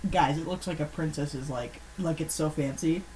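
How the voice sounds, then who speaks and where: A woman's voice: low voice, normal speed, mellow. A woman co-hosting a podcast in casual chat, giggly and offhand. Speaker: podcast co-host. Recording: distant mic, faint background hum.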